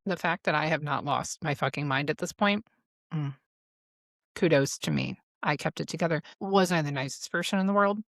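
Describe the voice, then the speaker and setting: A woman's voice: deep voice, normal speed, fairly bright tone, no room sound, studio quality. A woman in her forties hosting a solo podcast, telling her story candidly and with profanity, laughing often and flaring into heated outbursts. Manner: laughs often while speaking. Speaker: podcast host. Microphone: studio mic.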